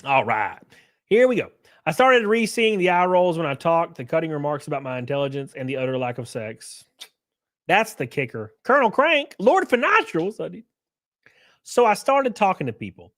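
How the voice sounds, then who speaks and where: A man's voice: on the high side, big pitch swings, normal speed, fairly bright tone, no room sound, clean studio sound. Effusive live-stream host, man, upbeat. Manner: effusive, rambling thanks to viewers. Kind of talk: casual live stream chat, reading a story aloud.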